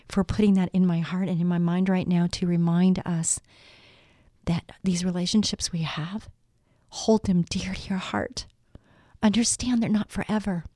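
A woman's voice: medium pitch, warm tone, no echo, studio quality. A middle-aged woman hosting a faith show, giving an earnest devotional talk, reading scripture and asking listeners direct questions.

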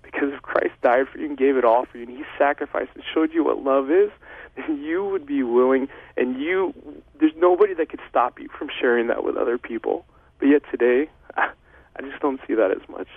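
A man's voice: medium pitch, brisk, husky, no echo. Earnest young man on a phone line. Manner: earnest and emotional, loose with fillers. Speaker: guest. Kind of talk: heartfelt faith testimony.

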